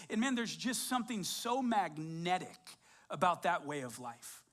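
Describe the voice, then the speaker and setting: A male pastor with a fairly high voice delivers a sermon in a relaxed, chatty way. He leans on "like" and tells stories with lively energy. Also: normal speed. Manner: casual and conversational, with many "like" fillers and animated storytelling.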